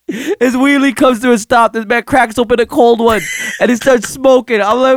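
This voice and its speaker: A man's voice: extremely high pitch, normal speed, dry recording, clean studio sound. A man casually telling a rambling, profane story to a friend and laughing through much of it. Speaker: storyteller recounting a game session. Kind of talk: casual chat.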